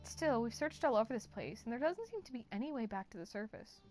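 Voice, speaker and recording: A woman reading out a friendly, relaxed young male desert explorer from a video game. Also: fairly high pitch, quick pace, music in the background, natural voice. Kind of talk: reading game dialogue aloud on stream.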